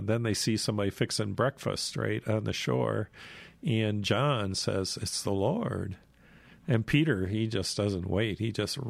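A man telling a Bible story in a loose, conversational way, sprinkling in "you know." His voice is low with a gravelly fry. The recording is close and completely dry. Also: dry recording.

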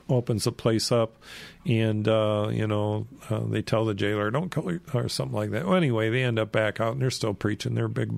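A man with a gravelly voice casually retelling a Bible story, rambling and chuckling as he goes. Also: lowish voice, dry recording.

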